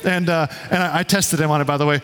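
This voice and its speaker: A man preaching a sermon to his congregation in a relaxed, conversational way, telling stories and acting out quotes. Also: a little high, fast talker, long reverb tail. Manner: conversational, storytelling with quoted voices. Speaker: pastor. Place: church sanctuary.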